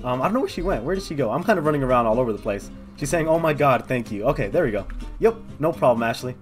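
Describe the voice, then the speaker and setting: A young man giving excitable, casual commentary on his own gameplay, thinking aloud and talking straight to his viewers. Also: medium pitch, racing, soft background music. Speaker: gaming video host.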